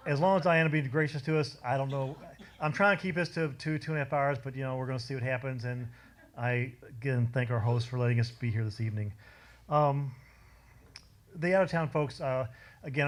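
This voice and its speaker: A man emceeing a comedy club memorial, talking through the running order in stage patter. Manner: apologetic, hurried, then booming introduction.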